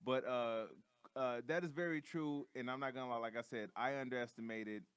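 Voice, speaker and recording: A man co-hosting a comedy podcast, talking in a heated, profane, animated rant. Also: mid-range voice, a little fast, smooth, no room sound. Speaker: podcast co-host. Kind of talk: casual comedic chat.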